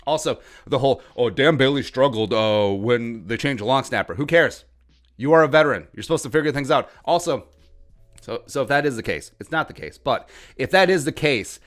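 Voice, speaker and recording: A man's voice: medium pitch, fairly bright tone. Heated, sarcastic male sports podcaster. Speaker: podcast host.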